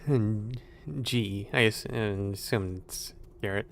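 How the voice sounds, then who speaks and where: Low-voiced man musing through a game. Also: fairly even intonation, slow, a bit bright. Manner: thinks aloud, wry and sarcastic asides. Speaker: gamer playing a stealth game. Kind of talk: casual let's-play commentary.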